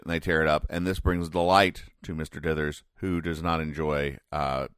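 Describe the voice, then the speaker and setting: A man hosts a comedy podcast, reading newspaper comics aloud and picking apart the jokes with sarcastic, mock-serious explanations. His voice sits a little low. The recording is close and dry, with no room sound. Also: fairly bright tone, no room sound.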